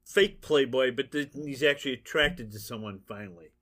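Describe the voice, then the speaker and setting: A man co-hosting a podcast in casual chat, sarcastic and quick to laugh. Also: mid-range voice, a bit bright. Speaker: podcast co-host.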